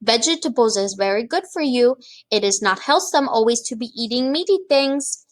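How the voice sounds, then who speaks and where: A woman doing a gentle, timid big giant. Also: on the high side, lively intonation, moderate pace, lightly acted. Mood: earnest pleading. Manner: earnest, quirky jumbled grammar.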